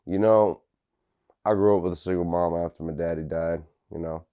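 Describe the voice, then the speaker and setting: A man playing a dim, washed-up crunk rapper who rambles through an interview, filling every pause with fillers. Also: deep voice, fairly even intonation, lo-fi sound, lightly acted. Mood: rambling.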